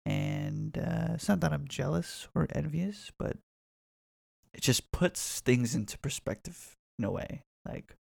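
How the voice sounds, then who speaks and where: Gravelly, profane young man rambling. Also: on the high side, darkish tone, no echo, clean studio sound. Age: 20s. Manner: rambling, profane, restarts often. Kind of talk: casual solo rant.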